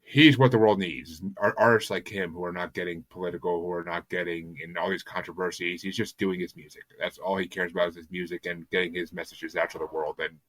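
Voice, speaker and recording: Deep, bright-toned male podcast host. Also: steady tone, a little fast, hardly any pauses, dry recording. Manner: rambling and enthusiastic, stumbles over repeated words. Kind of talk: casual podcast chat.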